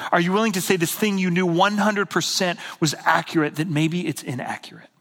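A male pastor in his thirties delivers a sermon in a bright, forceful voice pitched a little high. He tells stories with lively energy, then softens into near-whispers for tender moments. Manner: animated storytelling, drops to soft whispers for tender moments.

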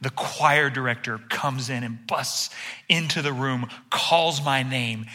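A middle-aged male pastor telling a self-deprecating personal story in an animated sermon. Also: medium pitch, slow pace.

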